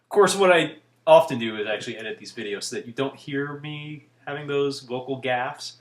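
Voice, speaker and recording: A man's voice: medium pitch, brisk, echoey room. A man vlogging to camera in casual, rambling chat, with wry asides as he talks.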